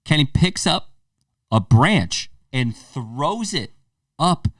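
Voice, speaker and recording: A man's voice: on the high side, takes it slowly, no room sound, clean studio sound, distant mic. A young man co-hosting a podcast, telling a story casually, swearing and acting out what people said. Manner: animated, swearing, acts out quoted lines. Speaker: podcast co-host.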